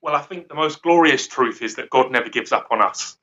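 A man's voice: medium pitch, brisk, a bit bright, lo-fi sound. Earnest man giving a rambling devotional. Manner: earnest, rambling, laughs at himself. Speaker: guest speaker. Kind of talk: informal devotional talk.

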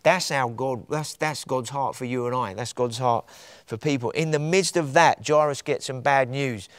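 A man's voice: mid-range voice, normal speed, no room sound, clean studio sound. A man preaching a sermon with passion, building to emphatic peaks.

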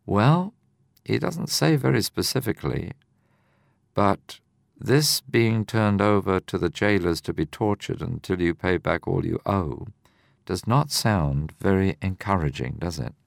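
A man, older, explaining a Bible parable in a measured, teaching way on a discussion program. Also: deep voice, animated, vocal fry, dry recording, studio quality. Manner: measured, explanatory, reads scripture aloud.

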